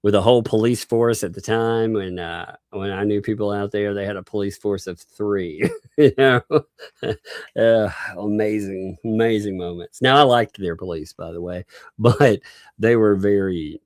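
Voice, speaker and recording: A man's voice: fairly low pitch, normal speed, a little mellow, no echo. A man hosting a casual live-stream commentary, rambling, laughing often and restarting his sentences. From Southern United States. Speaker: YouTube commentary host.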